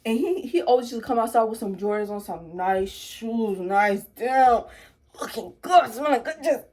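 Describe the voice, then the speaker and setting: A young woman, casually telling a storytime and animatedly acting out quotes. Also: moderate pace. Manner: animated, acts out quotes in a high voice. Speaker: vlogger.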